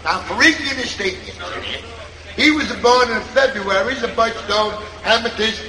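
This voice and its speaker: A man's voice: high-pitched, a little slow, reverberant, long reverb tail, recorded from a distance, crowd noise, poor audio. A man playing the straight man in a comedy sketch, with teasing jokes. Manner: jokey, teasing.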